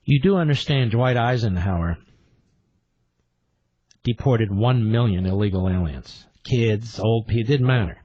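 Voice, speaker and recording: A man's voice: fairly low pitch, a little slow, darkish tone, no echo, dull audio. A man hosting a combative political talk radio show, indignant and emphatic, firing rhetorical questions and repeating his points.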